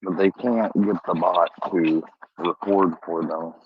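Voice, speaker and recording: A man's voice: low-pitched, fairly even intonation, a little slow, breathy edge, no room sound. A man, chatting casually and loosely as a livestream host at home. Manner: rambling, loose and conversational. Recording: slightly dull lo-fi stream audio.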